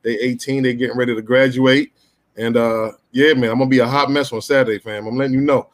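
A man in his forties on a casual podcast, telling a story in a warm, slangy way. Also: medium pitch, steady tone, quick pace. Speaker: podcast co-host. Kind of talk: casual chat among friends.

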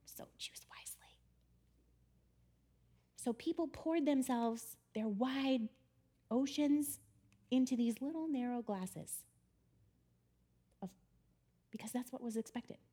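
High-voiced woman telling a story. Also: slow, pauses often, husky. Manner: chatty and animated, laughs often. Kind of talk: storytelling talk on faith.

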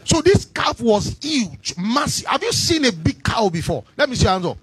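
Preacher, sermon, very high lively voice, husky, dry sound. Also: male voice, moderate pace, no echo. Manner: animated, shouting, sing-song cadence, asks congregation to respond.

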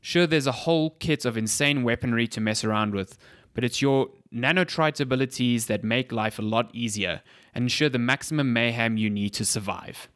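A man's voice: mid-range voice, normal speed, few pauses, fairly bright tone, dry recording, clean studio sound. Jokey casual male podcast co-host. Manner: jokey, swears casually, laughs often. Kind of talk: casual gaming chat.

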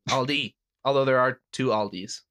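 A man's voice: mid-range voice, moderate pace. A young man from the American Midwest, co-hosting a podcast in casual chat and laughing often. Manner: laughs often, relaxed and chatty. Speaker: podcast co-host.

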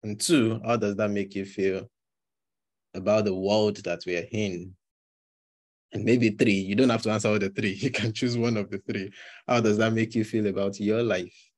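A man leading an online group discussion over a video call, asking gentle questions with many pauses. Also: fairly low pitch, steady tone, dry recording. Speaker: leader of an online group session.

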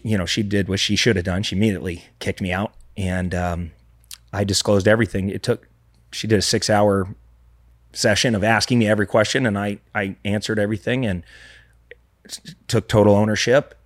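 Podcast guest, male, low-pitched, dry close sound, earnest and confessional, restarts often. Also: dry recording. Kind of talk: candid personal storytelling.

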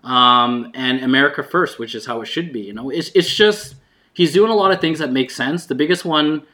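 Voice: mid-range voice, normal speed, pushed and bright. A podcast co-host chatting casually about politics. The delivery is laid-back and rambling, full of "you know" and restarts. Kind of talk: casual chat.

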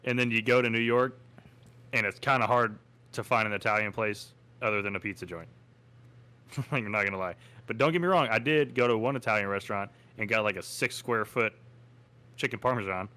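A man's voice: fairly low pitch, a little fast, bright, forceful tone. An easygoing young man in casual podcast chat, laughing often and using casual slang.

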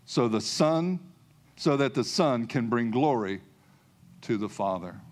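A man's voice: fairly high pitch, expressive, unhurried. A man preaching a sermon, emphatic, repeating key phrases and calling out hallelujah.

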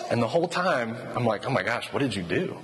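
A man's voice: mid-range voice, quick pace. A man preaching a sermon in a casual, storytelling way, acting out quoted dialogue. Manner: conversational, animated retelling of quoted dialogue. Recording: reverberant hall with faint ambient noise.

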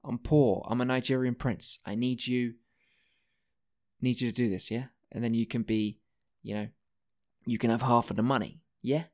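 A man's voice: medium pitch, steady tone, normal speed, long pauses, darkish tone, lightly acted. A man putting on a pushy, pleading scam-email prince who swears and begs for money. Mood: wheedling. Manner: wheedling, pushy, profane.

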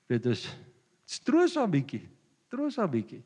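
A man's voice: fairly high pitch, very animated, normal speed, a little mellow. A man with a South African accent preaching a sermon, mixing Afrikaans and English and laughing often. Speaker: pastor. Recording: long hall reverb.

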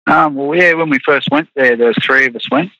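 A man's voice: mid-range voice, brisk, bright, forceful tone, no room sound, muffled recording. An Australian man, a rodeo rider, chatting in an interview in a laid-back, rambling way full of restarts. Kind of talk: casual interview chat.

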